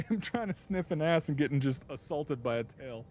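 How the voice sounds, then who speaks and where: A man's voice: on the high side, lively intonation, moderate pace, a little mellow, a little hiss or hum. A man streaming and telling a rambling dog story, laughing often and swearing freely. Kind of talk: casual chat.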